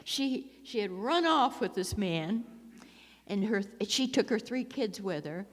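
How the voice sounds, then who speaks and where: A woman's voice: medium pitch, expressive, a little slow. An older woman speaking at a recovery meeting, chatty and self-mocking, with many laughs and restarts. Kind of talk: personal recovery talk. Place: meeting hall. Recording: long echo of a hall.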